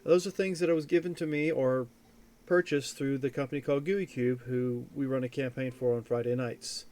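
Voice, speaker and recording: A man's voice: medium pitch, steady tone, normal speed, darkish tone. A man hosting a live tabletop game as game master, chatty and rambling, correcting himself as he goes through announcements. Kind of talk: casual live-stream chat and announcements.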